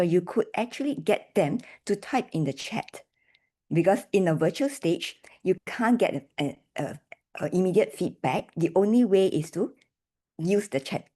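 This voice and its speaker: A woman's voice: lowish voice, warm tone. A woman on a video call evaluating a speech's delivery, coaching with encouraging checks like "right?" and "okay?". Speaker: delivery evaluator at a speaking club meeting.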